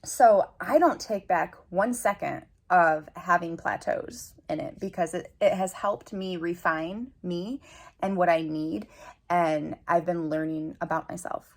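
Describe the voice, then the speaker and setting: A woman in her thirties, chatting earnestly to camera in a personal update vlog, open and a little emotional. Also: fairly low pitch. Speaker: vlogger.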